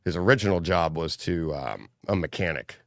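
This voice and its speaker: A man's voice: low-pitched, lively intonation, normal speed, vocal fry, no echo, studio quality. A middle-aged man, a podcast guest, telling rambling family stories in casual chat and laughing as he goes. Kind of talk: casual storytelling.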